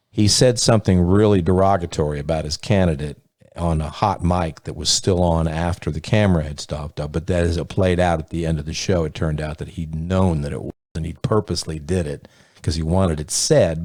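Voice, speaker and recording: A man's voice: low-pitched, warm tone, no room sound, studio quality. A man hosting a podcast, giving blunt, profane, sarcastic commentary in a casual way. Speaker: podcast host.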